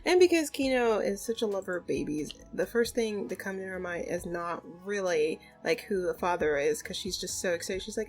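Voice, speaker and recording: A woman's voice: medium pitch, lively intonation. A woman casually narrating a life-sim game, chatting and laughing as she voices the characters' conversations. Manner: chatty, voices the sims in quick asides, laughs often. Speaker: gaming YouTuber. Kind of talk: casual Sims let's play narration with voiced dialogue. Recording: faint game music behind.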